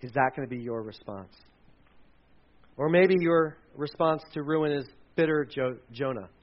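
A man's voice: medium pitch, measured pace, dull audio. A male pastor giving a sermon in a church, telling stories with animation and acting out quotes. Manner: animated storyteller, acts out quotes.

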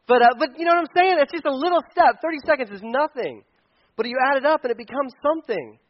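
A man preaching a casual, joking sermon to parents, acting out little scenes in funny voices. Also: very high voice. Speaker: pastor speaking to parents. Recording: dull lo-fi sound.

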